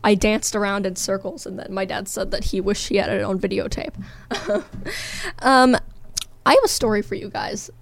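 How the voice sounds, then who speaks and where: A woman's voice: mid-range voice, normal speed, vocal fry. A young woman, a teenage podcast co-host, chatting in a giggly, rambling and self-mocking way. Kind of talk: casual podcast chat.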